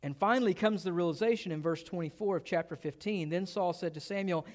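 A man with a fairly high voice preaches a sermon. He asks his listeners rhetorical questions and leans hard into his key words. His voice rings out with a long reverb, as in a large church hall. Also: fast, few pauses, a little mellow. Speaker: pastor.

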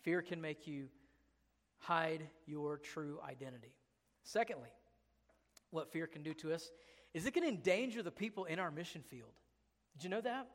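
A man's voice: on the high side, expressive, moderate pace, long pauses, fairly bright tone. A man preaching a sermon as pastor, emphatic and conversational, full of rhetorical questions to the congregation. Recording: long hall reverb.

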